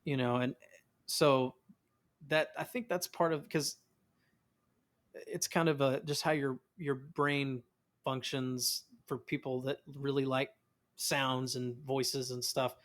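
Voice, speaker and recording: A man in his thirties, a voice actor being interviewed, telling stories in a lively way, acting out quotes and often restarting his words. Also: medium pitch, slow pace. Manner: animated storyteller, acts out quotes of family; many restarts and repeated words. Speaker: voice actor guest. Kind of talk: casual interview chat.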